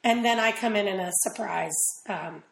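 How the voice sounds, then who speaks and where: A woman chatting casually as a guest in an interview, rambling with quick asides. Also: medium pitch, gravelly, echoey room, rough recording. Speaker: actress guest.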